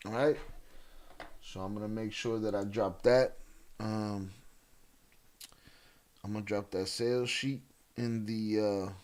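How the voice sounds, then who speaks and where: A man hosting a live stream in a casual, slangy, laid-back way, giving shout-outs to viewers. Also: on the low side, fairly even intonation, slow pace, long pauses. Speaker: livestream host.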